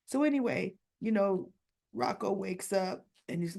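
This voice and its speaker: A woman's voice: medium pitch, lively intonation, normal speed, creaky, a little mellow. A woman giving a casual recap of a soap opera episode, retelling the scenes and quoting each character in turn.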